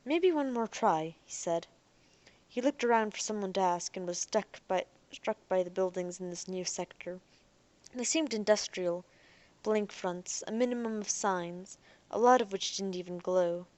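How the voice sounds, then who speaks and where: A woman narrating an audiobook in a soft, even storytelling voice that sinks almost to a whisper at times. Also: mid-range voice, normal speed, no echo.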